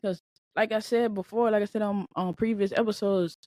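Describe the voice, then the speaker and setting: A woman hosting a podcast as a mindset speaker, talking in a blunt, colloquial, animated way with frequent repeats and the odd swear word. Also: medium pitch, fairly quick, no room sound. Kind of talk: casual motivational monologue. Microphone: podcast microphone.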